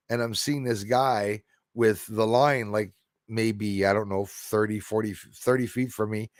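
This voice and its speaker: Quebecois male streamer, mid-pitched, dry close sound, loose rambling chat with viewers. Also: no echo. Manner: rambling, reads out and answers viewer comments. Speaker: live stream host. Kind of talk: casual live stream chat.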